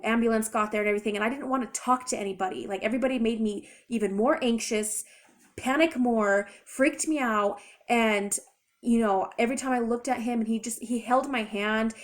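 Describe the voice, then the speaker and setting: A young woman speaks a little higher than most, telling a storytime to camera. She rambles in a chatty, expressive way, with the ease of casual vlog talk. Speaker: vlogger.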